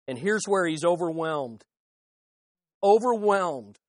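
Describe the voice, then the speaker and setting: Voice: medium pitch, animated, unhurried, dry recording, studio quality. A pastor preaching an expository sermon, stressing and repeating key phrases and asking rhetorical questions, then answering them. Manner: swings between loud peaks and hushed asides.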